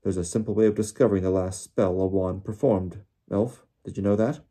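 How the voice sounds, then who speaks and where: A man voicing a gruff, bullying male ministry official who growls accusations. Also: low-pitched, fairly even intonation, brisk, mellow. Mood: harsh.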